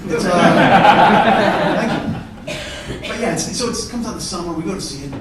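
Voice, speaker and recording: A man doing stand-up comedy, telling a profane story and shouting out the heated parts. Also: sits high, animated, normal speed, noisy background. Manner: profane, escalates to shouting in acted-out arguments. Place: theatre stage before a live audience. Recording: echoey theatre, mic at a distance.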